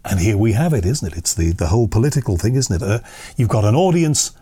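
A man's voice: lowish voice, expressive, fast talker, warm tone, slightly rough. Man asking rambling, curious questions. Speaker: interviewer. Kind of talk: conversational interview.

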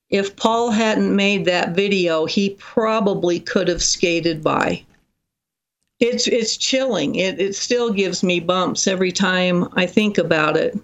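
A guest in an interview, telling a long case story in an animated, detailed way. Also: medium pitch, dull audio.

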